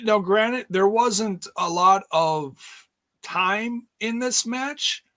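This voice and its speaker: Slow, bright-voiced man on a podcast. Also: high-pitched. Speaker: podcast co-host. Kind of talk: casual wrestling review chat.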